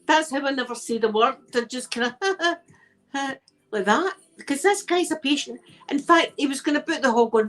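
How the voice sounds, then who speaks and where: Scottish woman, middle-aged, soft-spoken ASMR chat, rambling storyteller, faint music in the background. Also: high voice, very animated, moderate pace, low-quality recording. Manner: rambling storytelling with local words like aye and wee. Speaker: ASMR channel host.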